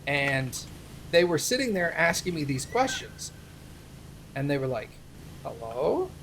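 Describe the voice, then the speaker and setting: A man's voice: on the high side, big pitch swings, unhurried, fairly bright tone, slight background noise. Rambling man telling a story. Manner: rambling anecdote with many fillers. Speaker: streamer. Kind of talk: casual storytelling chat.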